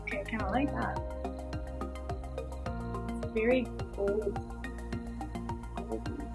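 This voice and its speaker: A woman beauty vlogger narrating a casual makeup tutorial in a chatty way, gushing with quick exclamations over the shades. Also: mid-range voice, very animated, loud music behind the voice.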